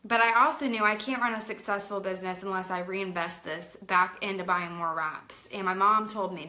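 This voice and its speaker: A woman in her late twenties telling a personal story to camera in a chatty, animated way, with plenty of "like". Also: medium pitch, a little fast, few pauses. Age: late 20s. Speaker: vlogger. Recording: roomy echo.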